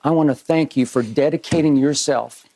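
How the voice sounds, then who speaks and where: Earnest male TV host's measured tribute. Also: a little high, dark tone. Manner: earnest and measured, with emphatic repetition. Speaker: sports debate TV host. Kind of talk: prepared on-air tribute.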